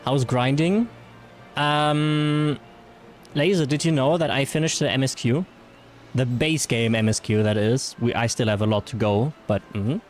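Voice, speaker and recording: A man's voice: mid-range voice, a little slow, faint music behind. A man with a German accent chatting casually through a game livestream, rambling with fillers and reading chat messages aloud. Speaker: streamer.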